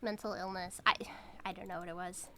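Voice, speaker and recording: A woman's voice: on the low side, little pitch movement, brisk, background noise. A woman streamer chatting casually while she plays, blunt and profane, rambling with lots of fillers. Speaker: VTuber streamer.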